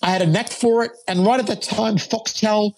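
An Australian man in his forties, a fight commentator, telling animated stories as a guest on a podcast. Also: high voice, normal speed. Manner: animated storyteller, laughs often. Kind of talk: podcast interview storytelling.

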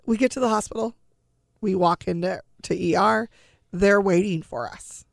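A middle-aged woman with a gravelly, creaky edge tells a painful family story in an earnest, halting way. She keeps slipping back into the moment and quotes what everyone said. Her voice sits at an ordinary pitch and sounds close and dry. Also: dry recording. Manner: earnest, halting, relives scenes by quoting dialogue. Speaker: guest sharing a family story. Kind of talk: emotional personal storytelling.

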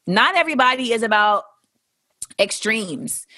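Here a young adult host speaks a little high, animated and forceful, with a bright tone at a measured pace. She tackles listener questions frankly and profanely, acting out quoted voices in casual, candid commentary. The studio-quality recording has no echo.

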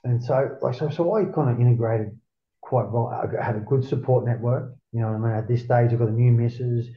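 A man's voice: medium pitch, fairly quick. A man in his forties with an Australian accent telling stories in a casual interview, swearing freely and acting out his own past words. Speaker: interview guest. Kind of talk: casual storytelling. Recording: roomy, dull lo-fi sound.

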